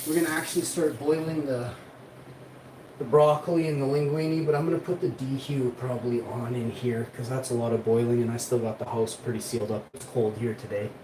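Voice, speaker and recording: A Canadian man chats and grumbles at length while making food at home, rambling and sure of himself. His voice sits back from the camera mic in an echoey room. A steady hiss of household noise runs underneath. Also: mid-range voice, a little fast, distant mic. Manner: rambling, complaining, self-assured. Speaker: streamer. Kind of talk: casual kitchen vlog talk. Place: home kitchen, cooking.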